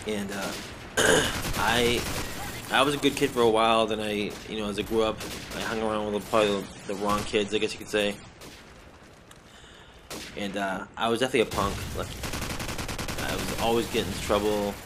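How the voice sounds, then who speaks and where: A young man with a Boston accent and a slightly hoarse voice, rambling casually with plenty of swearing as he commentates a game. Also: fairly low pitch, steady tone, moderate pace, long pauses, noisy background. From Medford, near Boston, USA. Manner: rambling, self-correcting, swears freely. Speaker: gameplay commentator. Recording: gunfire from game audio behind.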